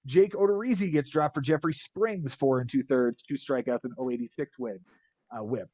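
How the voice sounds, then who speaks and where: A man's voice: mid-range voice, moderate pace, a little mellow, no echo, dull audio. A man hosting a podcast who casually rattles off fantasy baseball stats and cracks jokes. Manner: rattles off stat lines, wisecracking. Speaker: podcast host.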